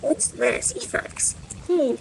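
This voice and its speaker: A woman joking around at home, her voice run through changing sound effects. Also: takes it slowly. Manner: playful, joking. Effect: shifting voice-changer effects. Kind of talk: casual play at home. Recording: noisy home recording.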